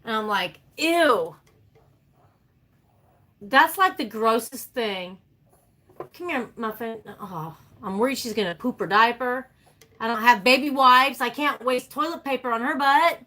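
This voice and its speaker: A woman's voice: a little high, moderate pace, bright, forceful tone. A woman chatting casually and animatedly with her livestream viewers, laughing often. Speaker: livestream host.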